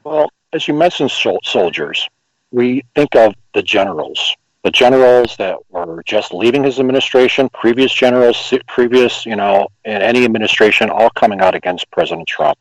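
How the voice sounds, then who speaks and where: A man hosting a political talk radio show, questioning his guest in a halting, hesitant way. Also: medium pitch, lively intonation, dry recording, low-quality recording.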